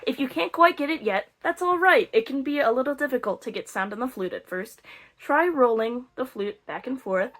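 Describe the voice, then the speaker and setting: A woman's voice: sits high, animated, moderate pace, heavy background noise. A young woman teaching beginner flute, explaining step by step with playful, self-mocking jokes. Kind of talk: casual instructional video.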